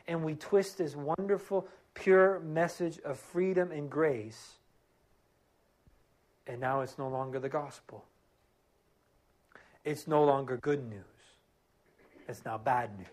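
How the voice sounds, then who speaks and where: A man preaching a sermon as pastor, earnest and emphatic, driving points home with repeated phrases and easing into a quiet prayer. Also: a little high, measured pace, pauses often.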